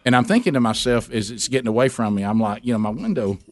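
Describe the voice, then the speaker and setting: A man hosts a radio talk show, rambling through a story with frequent chuckles and restarts. His voice sits at an ordinary pitch for a man. The studio sound is dry and close. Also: expressive, fast, dry recording.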